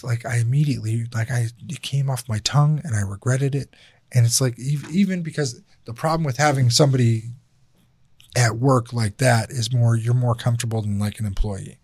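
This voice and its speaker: A man's voice: medium pitch, normal speed, no room sound. A man hosting a casual podcast chat, talking bluntly and candidly with plenty of swearing. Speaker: podcast host.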